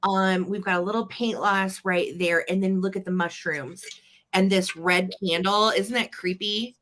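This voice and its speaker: A woman's voice: mid-range voice, steady tone, measured pace, a bit bright, slight background noise. A woman co-hosting a live vintage sale, chatty and playful as she describes items in detail. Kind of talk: live-stream auction chat.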